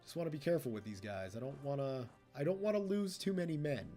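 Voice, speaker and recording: A man's voice: fairly high pitch, lively intonation, quick pace, mellow, soft background music. A man giving casual gameplay commentary as a let's play host, chatty and teasing the computer opponents.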